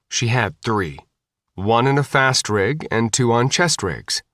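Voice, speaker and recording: A man reads an audiobook with a lively, expressive rise and fall, shifting his voice for each character. The sound is close and dry, with no room echo, so each line comes through plainly. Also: medium pitch, slow pace. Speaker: audiobook narrator. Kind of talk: audiobook narration.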